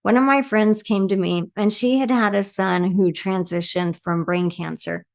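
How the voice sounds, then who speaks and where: A woman's voice: mid-range voice, steady tone, moderate pace, creaky. Earnest woman speaker on grief. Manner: earnest, often ends with "right?". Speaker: medium and speaker. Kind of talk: reflective talk in an interview.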